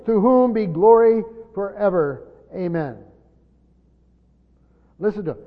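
A man with a fairly high voice teaches scripture to a gathered class, hitting key words hard and then falling quiet. The sound carries a long hall reverb and a dull, lo-fi tone. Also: measured pace, pauses often. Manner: emphatic, swinging between loud stresses and quiet asides. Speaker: pastor teaching a Bible study. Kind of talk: expository Bible teaching.

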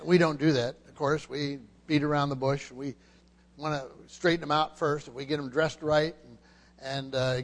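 A man with a high voice preaches through scripture, driving points home by repeating them and often restarting his sentences. His voice rings out with a long reverb, as in a large hall. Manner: emphatic, repeats key phrases, frequent restarts. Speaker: pastor. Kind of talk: expository sermon.

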